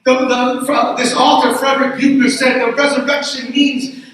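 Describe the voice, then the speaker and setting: A pastor from Tucson preaching a sermon, telling a personal story in an earnest way and repeating phrases for emphasis. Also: male voice, extremely high pitch, flat delivery, moderate pace, fairly bright tone. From Tucson, Arizona. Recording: echoey hall, mic from far off.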